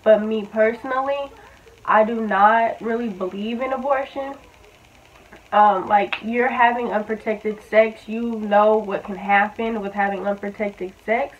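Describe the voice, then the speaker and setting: A female vlogger in her twenties casually shares a personal story, candid and blunt, loaded with fillers and swearing. She speaks a little slowly in a steady, medium-pitched tone over slight background noise, and the audio sounds tinny and phone-like.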